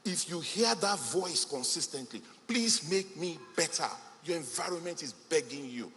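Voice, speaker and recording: Animated man speaking in an echoey hall. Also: fairly high pitch, normal speed, hardly any pauses, a little hiss or hum. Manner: emphatic, repeats key phrases, laughs between points. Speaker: conference speaker. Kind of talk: motivational speech at a business event. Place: large event hall. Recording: echoey hall with faint ambience.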